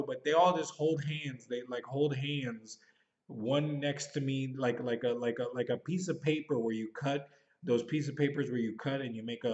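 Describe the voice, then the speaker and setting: A man's voice: medium pitch, a little mellow, muffled recording. Rambling man in his thirties reviewing a film. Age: 30s. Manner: rambling, hurried, thinking aloud. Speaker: movie reviewer. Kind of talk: casual spoken movie review.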